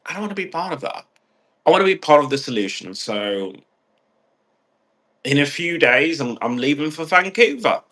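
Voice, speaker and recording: A man's voice: fairly high pitch, big pitch swings, normal speed, pauses often, a bit bright. A man with a stuffed-up nose, rambling and ranting in a casual vlog, swearing freely and restarting his phrases. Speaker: vlogger.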